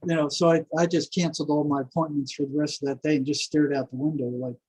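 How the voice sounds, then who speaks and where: An older man telling a long story in a rambling, animated way, full of fillers and asides. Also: a little high, quick pace, husky, rough recording. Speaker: guest, former prison psychology worker. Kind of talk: casual storytelling interview.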